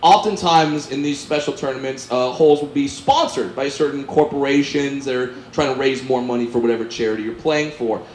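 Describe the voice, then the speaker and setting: A man telling a stand-up story, animated and acting out characters with loud, high shouts. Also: fairly quick, few pauses. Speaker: stand-up comedian. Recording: echoey live venue with background noise.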